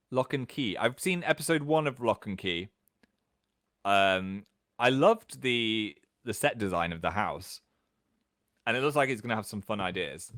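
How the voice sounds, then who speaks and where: A British man in his thirties hosting a casual livestream from home, chatting and reading out viewer comments in an animated way. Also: no room sound, studio quality. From England. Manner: chatty, animated, quick jumps in pitch. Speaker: livestream host.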